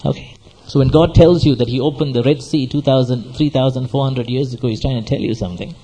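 A man's voice: mid-range voice, mellow, slightly rough, rough recording. A man preaching a sermon as pastor, exhorting and repeating himself, often asking his listeners questions. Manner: exhorting, repetitive, asks the audience questions.

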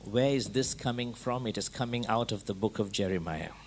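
A man preaching a sermon in a conversational way, checking in with his listeners through quick rhetorical questions. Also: on the low side, a little hiss or hum.

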